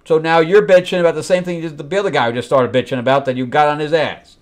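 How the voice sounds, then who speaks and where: A man's voice: fairly high pitch, fast. Man, comic book review host, blunt, exasperated, mocking asides. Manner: blunt, exasperated critique with mocking acted-out quotes.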